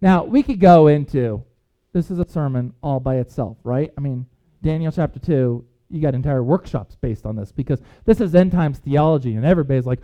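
Animated high-voiced male preacher. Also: brisk, muffled recording. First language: not English. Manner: animated storyteller, acts out quotes, chuckles. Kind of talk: informal sermon with scripture reading.

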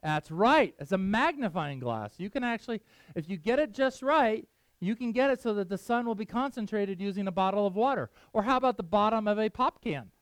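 A man's voice: sits high, animated, fairly quick, dry recording. A middle-aged man preaching a casual sermon, chatting with his listeners, asking them questions and laughing often. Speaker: pastor.

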